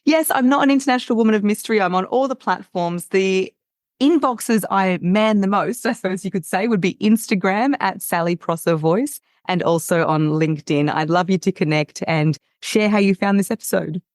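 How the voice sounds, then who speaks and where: A woman, a voice coach, chatting as a podcast guest in an expressive, teacherly way. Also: medium pitch, moderate pace, no room sound, clean studio sound. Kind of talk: casual podcast chat.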